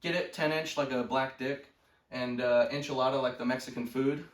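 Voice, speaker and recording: A man doing deliberately crude stand-up bits with brash, deadpan self-praise, recorded indoors. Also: mid-range voice. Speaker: amateur comedian. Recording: echoey room, from far off.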